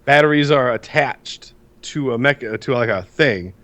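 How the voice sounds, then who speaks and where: Congested male co-host, profane and animated. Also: mid-range voice, a little slow. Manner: profane, ranting, animated storytelling. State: congested from sinus issues. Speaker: podcast co-host. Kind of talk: casual podcast chat.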